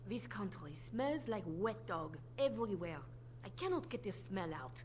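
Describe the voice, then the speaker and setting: A woman's voice: mid-range voice, lively intonation, normal speed, a little mellow, a little hiss or hum, close to an everyday voice. An actress playing a scheming female spymaster in a video game, with a put-on French accent and a purring, condescending manner. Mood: mock-gracious. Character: scheming female bard spymaster, silky and menacing.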